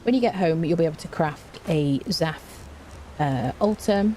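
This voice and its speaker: A woman's voice: low-pitched, expressive, a little slow, mellow, a little hiss or hum. A woman streaming a game, giving chatty live commentary, talking to her chat and humming to herself as she plays.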